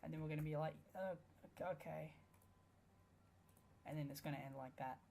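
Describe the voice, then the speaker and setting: A woman talks through a strategy game in casual let's play commentary. Her voice sits low with a gravelly fry. She is sarcastic and playful, and swears freely at the game. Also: little pitch movement, rapid-fire, mellow, a little hiss or hum. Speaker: gamer.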